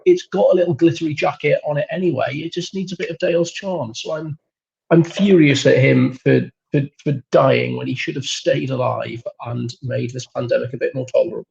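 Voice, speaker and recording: A man's voice: mid-range voice, fairly even intonation, brisk, creaky, a little mellow, muffled recording. A man on a comedy chat show, riffing in a mock-indignant way.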